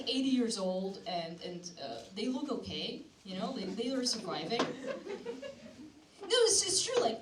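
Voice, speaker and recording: Crude deadpan stand-up comedian woman. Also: a little high. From Syria. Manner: crude, deadpan jokes with mocking put-on voices. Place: comedy club stage before a live audience. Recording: roomy club sound from a distance, loud crowd laughter.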